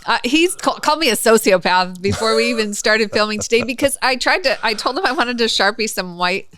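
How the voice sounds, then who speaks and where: A woman prosecutor telling a case story in a casual, animated way, laughing and acting out the people in it, on a filmed podcast. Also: a little high, a little fast. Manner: animated, laughing, acts out the people in her stories.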